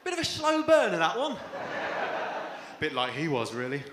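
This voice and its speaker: A young English man doing a stand-up comedy set on stage, dry and self-deprecating, with sudden loud outbursts. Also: on the high side, wildly swooping pitch, normal speed. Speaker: first-time stand-up comedian. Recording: echoey live venue with faint room noise.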